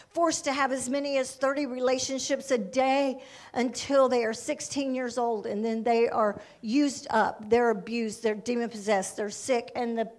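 Woman missionary, sermon testimony, slightly high voice, fervent storyteller. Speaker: missionary giving her testimony.

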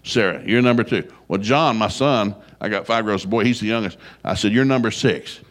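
An older man telling a funny family story in a folksy, animated way, his voice jumping up when he quotes himself. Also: normal speed. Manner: folksy, animated, gets loud and high when quoting himself.

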